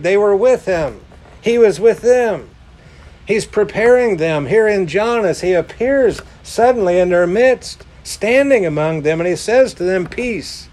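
A man delivers a sermon at an unhurried pace, his voice sitting a little high. He leans hard on key phrases and lifts into fervent exhortations before settling back into steady teaching. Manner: slow, emphatic preaching with rising exhortations. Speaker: pastor.

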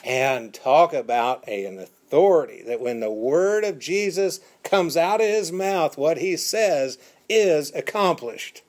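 A male pastor delivering a sermon in a slightly high voice. He moves between measured teaching and lively, dramatic quoting, pushing his voice up when he acts out what people say to God. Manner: animated preaching with dramatic voiced quotes.

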